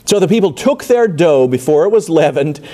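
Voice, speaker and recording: A man's voice: fairly high pitch, lively intonation, brisk, mellow. Rambling man teaching a Bible study. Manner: digressive, many fillers and asides, rises for emphasis when reading. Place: church.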